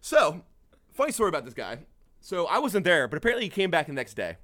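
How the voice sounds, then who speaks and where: A man rattles through bar stories at a fast clip, his pitch swinging widely as he acts out the people he quotes. He is a bartender talking casually on a podcast, swearing freely as he goes. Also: big pitch swings, bright, forceful tone. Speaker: bartender guest. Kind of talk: casual podcast chat, storytelling.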